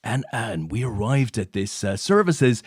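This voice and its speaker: A man co-hosting a chat show and telling a lively anecdote, often tagging his lines with "right?". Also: on the low side, a little slow, husky, no room sound, clean studio sound. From England. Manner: animated anecdote-teller, tags lines with "right?". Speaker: co-host. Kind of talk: casual storytelling chat.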